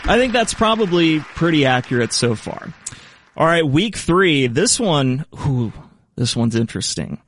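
A man's voice: on the high side, big pitch swings, a little slow, fairly bright tone, no echo, a faint crowd. A man hosting a sports show segment in a playful, upbeat way. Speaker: host.

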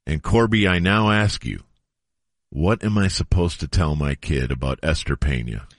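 Deep middle-aged guy on radio, reads the paper out loud all dramatic, dry studio sound. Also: normal speed, no room sound. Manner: playful, dramatic reading with lively swings. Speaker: radio show host. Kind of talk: casual morning show banter, reading a news story aloud.

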